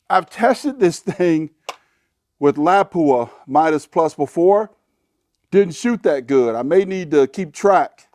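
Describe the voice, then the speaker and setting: A man hosting a shooting vlog outdoors at a range, chatting folksy to viewers and getting excited at good shots. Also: a little high, no room sound, clean studio sound. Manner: excitable, hollers when shots land. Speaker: shooting channel host. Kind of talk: casual vlog talk to camera.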